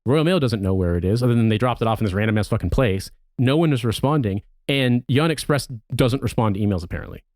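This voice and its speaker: Fast-talking exasperated American man. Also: mid-range voice, lively intonation, a little mellow, no echo, clean studio sound. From United States. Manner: exasperated ranting, profane. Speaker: podcast co-host. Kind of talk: casual chat.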